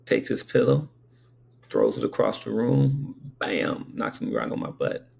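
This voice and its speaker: A man's voice: medium pitch, wildly swooping pitch, measured pace, creaky, a little mellow, a little hiss or hum. A man in his fifties telling childhood memories in a meandering, conversational way, with frequent asides to the listener. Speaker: storyteller. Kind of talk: casual spoken recollection.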